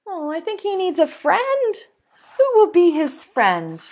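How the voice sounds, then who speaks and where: An online preschool teacher with an extremely high-pitched voice reads a picture book aloud to little kids. Her delivery is slow and singsong, like storytime, sprinkled with lively exclamations.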